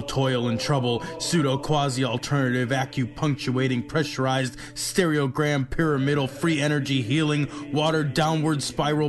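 A man reciting a closing creed in a slow, measured, declamatory way. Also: medium pitch. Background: music.

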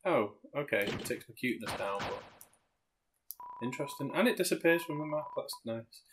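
A man's voice: mid-range voice, animated, moderate pace, noisy background. A man giving casual, chatty commentary while playing a game, musing aloud and laughing easily. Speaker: let's play host. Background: game music.

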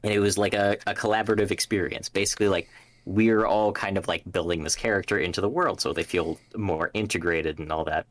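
Young man, co-host, deep voice, hesitant filler-heavy chat, dry sound. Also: fairly even intonation, fairly quick, fairly bright tone, no echo. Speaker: podcast co-host. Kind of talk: casual chat about tabletop gaming.

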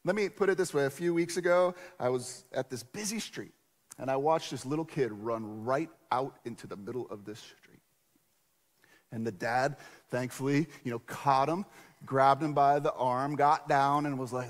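A man preaching a sermon in a conversational, animated storytelling way. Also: mid-range voice, normal speed. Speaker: pastor. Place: church sanctuary. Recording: long church reverb.

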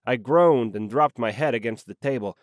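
A man narrating a hard-boiled noir audiobook in a wry, slangy, deadpan manner on a close microphone. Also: mid-range voice, normal speed, no room sound.

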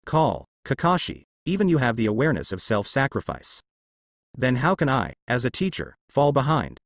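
A man's voice: medium pitch, very animated, moderate pace, creaky, no echo, clean studio sound. A man reading as a resolute young ninja teacher. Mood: determined.

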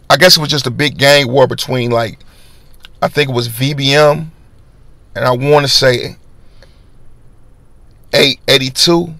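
A man with a medium-pitched, creaky voice hosts a podcast and casually recounts a personal story. He keeps it slangy and animated, performing the voices of the people in it, with no echo on the recording.

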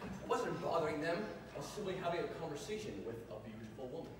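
A man's voice: a little high, sing-song, fast, background noise. A man playing an earnest, awkward young wizard in an amateur live stage reading. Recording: echoey hall, distant mic.

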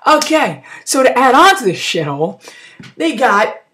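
A woman's voice: on the high side, very animated, unhurried, fairly bright tone, a little hiss or hum. A woman gives a rambling, slangy comic recap of a horror movie, full of mock outrage. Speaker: amateur movie reviewer.

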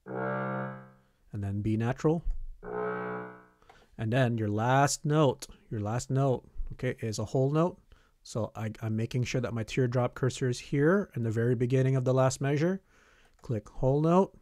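A man, a band teacher, walking students step by step through a music notation program, often pausing with "okay" and "all right". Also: mid-range voice. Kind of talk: screen-recorded software tutorial.

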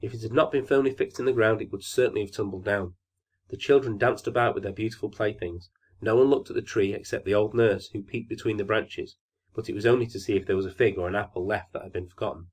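A man narrating a fairytale as a bedtime story in a measured, gently expressive way. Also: lowish voice, slightly rough.

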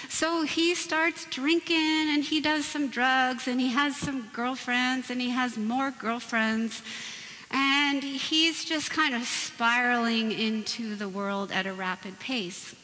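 High-voiced woman speaking in a church. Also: slow pace. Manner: lively storyteller, playful asides to the audience. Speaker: Catholic speaker. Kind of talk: church talk with jokes and stories. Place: church hall. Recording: reverberant church with faint background noise.

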